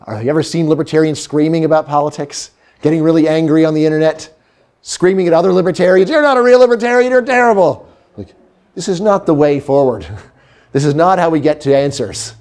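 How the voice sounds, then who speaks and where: A middle-aged man giving a lively, humorous economics lecture. He acts out quotes and sometimes drops to a hush. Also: on the high side, a little fast. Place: lecture hall.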